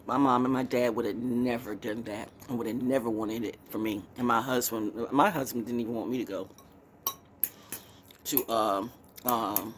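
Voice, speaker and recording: A woman vlogging in a casual, rambling monologue, swinging from hushed asides to excited exclamations. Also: very deep voice, a little hiss or hum. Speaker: spiritual vlogger, oracle reader.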